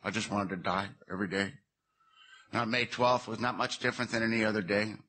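A man giving a personal testimony at a recovery meeting, telling his story vividly and with dark humor. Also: on the low side, fairly even intonation, brisk.

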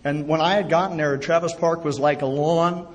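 A man speaking at a recovery meeting before an audience, a chatty, self-deprecating storyteller with quick jokes. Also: on the high side, fairly even intonation. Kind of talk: personal recovery talk to an audience. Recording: live talk in a reverberant hall.

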